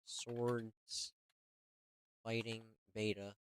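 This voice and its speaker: A man's voice: on the low side, little pitch movement, extremely slow, heavy background noise. A man giving casual gameplay commentary, joking and grumbling at the game. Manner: joking, repeats meme lines, grumbles at the game. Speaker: gamer.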